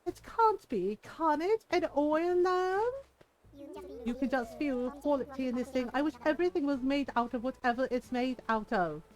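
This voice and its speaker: A woman's voice: high-pitched, lively intonation, normal speed, pitched above the performer's own voice, low-quality recording. A woman putting on a smug vain horse villager. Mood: admiring. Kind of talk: reading game dialogue aloud in character.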